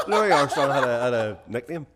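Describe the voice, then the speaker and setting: A hungover man co-hosting a podcast, swearing freely in animated banter. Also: fairly high pitch. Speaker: podcast co-host. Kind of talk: casual podcast chat.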